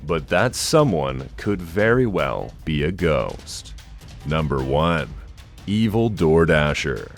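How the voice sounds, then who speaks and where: A man with a very low voice narrates a countdown of creepy clips, taking his time over every line. His delivery is slow and ominous, with soft music playing underneath. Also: very animated. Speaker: narrator of a countdown list video. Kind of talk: scripted horror-list narration. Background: soft background music.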